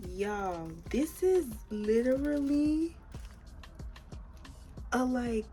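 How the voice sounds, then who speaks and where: A woman's voice: high-pitched, animated, extremely slow, warm tone, faint music behind. A young American woman chatting casually to her viewers while unboxing and fitting a wig. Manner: chatty, talks straight to viewers with "y'all". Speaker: vlogger.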